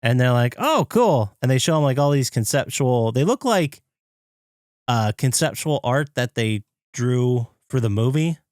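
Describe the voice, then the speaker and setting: A man co-hosting a podcast, retelling a movie scene by scene and jumping into high, excited impressions of the characters. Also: moderate pace, dry recording, clean studio sound. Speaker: podcast co-host. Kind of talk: casual movie recap chat.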